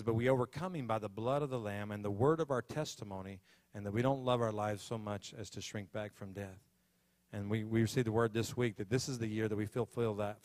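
A man's voice: lowish voice, a little mellow, dry recording. A man, a pastor introducing a guest speaker and praying over her with rising fervor. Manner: fervent, rising prayer. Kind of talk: sermon introduction and prayer. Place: church sanctuary.

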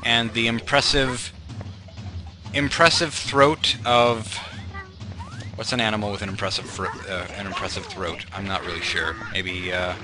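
A young man's let's play commentary wanders through tangents and fillers as he jokes at his own expense. His voice is lowish and fairly even, his pace measured. Game music and other background noise can be heard.

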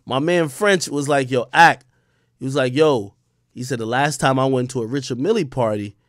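A man's voice: medium pitch, moderate pace, dry recording, studio quality. A young man from the Bronx, telling a rambling, profane story as a streamer host. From the Bronx, New York. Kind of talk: casual storytelling monologue.

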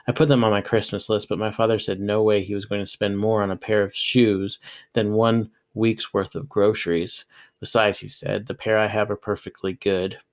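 Low-voiced man reading a novel aloud. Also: moderate pace. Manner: steady, plain storytelling. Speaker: audiobook reader.

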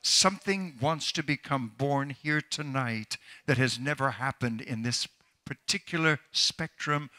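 Bright-voiced older man preaching. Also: medium pitch, a little slow. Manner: storytelling, then rising into fervent exhortation. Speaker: traveling preacher. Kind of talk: Pentecostal sermon with testimony. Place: church sanctuary with congregation.

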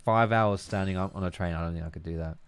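A man's voice: deep voice, fast talker, clear, resonant tone. A young man with an English accent, chatting casually and rambling as he streams a game and answers his chat. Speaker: gaming streamer. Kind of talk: casual chat while playing and reading chat.

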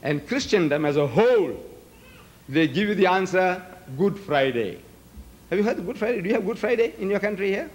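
South African man debating, fairly high voice. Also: expressive, quick pace. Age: older. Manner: rhetorical, acts out both sides. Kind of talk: public debate speech.

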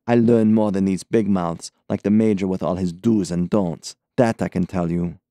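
A man's voice: sits low, fairly even intonation, normal speed, no room sound, lightly acted. A man voicing a scornful young man with a foreign accent, urging and mocking in a conspiratorial audiobook scene. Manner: mocking, urgent, forceful.

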